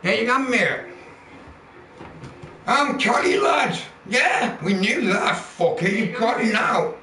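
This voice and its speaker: A man's high, sharp voice moves slowly but with lively intonation as he furiously rants on a livestream. He swears constantly and heckles his viewers mockingly, in an echoey room with faint background noise.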